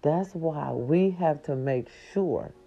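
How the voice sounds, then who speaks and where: Furious low-voiced woman ranting, lo-fi audio. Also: takes it slowly, creaky, soft background music. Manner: angry, profane, swings into high shouted outbursts. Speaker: vlogger. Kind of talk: impassioned commentary rant. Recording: slightly dull lo-fi audio.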